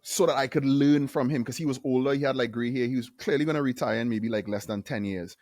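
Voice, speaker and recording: A man from Trinidad and Tobago, a guest on an interview show, telling a story in a lively way and acting out the quotes. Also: medium pitch, quick pace, no room sound. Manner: animated storyteller who acts out quotes. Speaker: guest, university AV manager.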